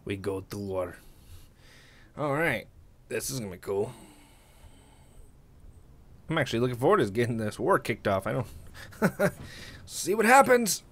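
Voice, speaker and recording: A man's voice: mid-range voice, sing-song, moderate pace, long pauses, fairly bright tone. A young man giving casual, joking commentary while playing a game. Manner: chatty, joking asides. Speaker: gameplay streamer. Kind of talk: casual let's-play commentary.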